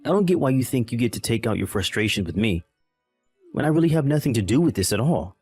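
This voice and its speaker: A man's voice: mid-range voice, sing-song, fast, a little mellow, husky, faint music behind. A man voicing a callous young husband in a text-message drama, talking in a dismissive, impatient way. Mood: scornful.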